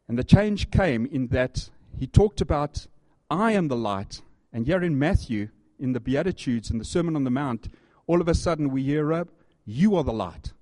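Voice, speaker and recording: A man's voice: on the high side, expressive, normal speed, few pauses, warm tone, no room sound. A man preaching a sermon, reading scripture aloud and repeating key phrases and questions with earnest emphasis. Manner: reads scripture aloud to the congregation. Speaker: pastor.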